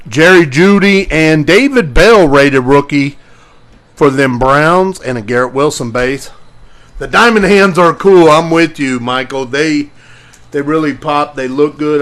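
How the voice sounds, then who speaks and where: A man hosts a live sports card break, reading out each player as the packs open and greeting viewers by name. His voice sits a bit high for a man, and he takes his time with every call. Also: unhurried, a bit bright.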